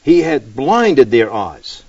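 A man preaching, reading Bible verses aloud and then explaining them with animated emphasis. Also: mid-range voice, slow, slightly rough, highs cut off. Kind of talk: Bible teaching sermon.

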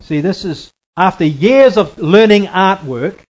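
A man teaching a Bible lesson from slides, deliberate and repetitive, often checking in with "right?". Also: high voice, lively intonation, rough recording. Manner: deliberate, repeats key phrases, checks in with "right?".

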